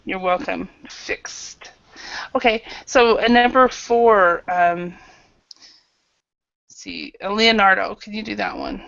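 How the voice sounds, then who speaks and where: A woman's voice: mid-range voice, steady tone, measured pace, gravelly, a bit bright, no echo, muffled recording. A woman teaching an online English grammar class, patiently calling on students by name and correcting their answers.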